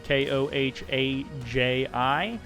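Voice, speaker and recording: Chatty American man, mid-pitched, doing upbeat game commentary over faint background music. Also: slow, a bit bright. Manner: chatty, self-deprecating, upbeat. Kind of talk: casual play-by-play commentary.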